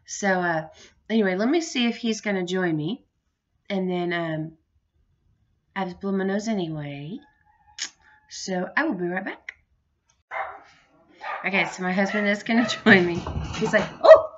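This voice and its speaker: A woman's voice: mid-range voice, normal speed, pauses often, noisy background. Chatty middle-aged woman, muffled home video. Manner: rambling, chatty, laughs often. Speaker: vlogger. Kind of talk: casual home vlog chat.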